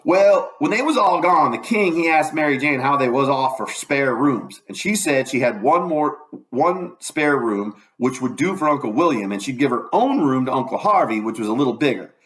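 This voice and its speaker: A man narrates a novel aloud in a folksy, conversational manner. His voice sits at an ordinary middle pitch. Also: expressive, normal speed, hardly any pauses, fairly bright tone, poor audio. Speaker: audiobook reader.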